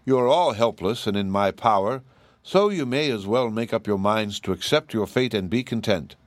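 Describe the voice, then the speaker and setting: A man's voice: lowish voice, normal speed, no echo, natural voice. A man reading aloud, voicing a domineering, gloating female giantess witch in a storybook. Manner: domineering, pleased with her power.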